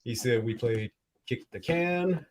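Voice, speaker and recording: A man's voice: medium pitch, animated, slow, darkish tone. A man hosting a podcast in casual chat, joking, swearing and laughing often. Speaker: podcast host.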